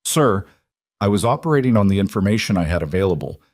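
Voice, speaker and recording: Defensive officer, rushed justifications, low dry voice, by a male narrator. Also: sing-song, no echo.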